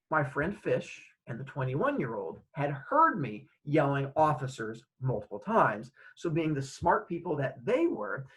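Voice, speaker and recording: A man's voice: a little high, rough recording. A man hosting his own show, telling an anecdote casually and acting out the dialogue. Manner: animated, acts out dialogue. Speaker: host. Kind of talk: casual storytelling.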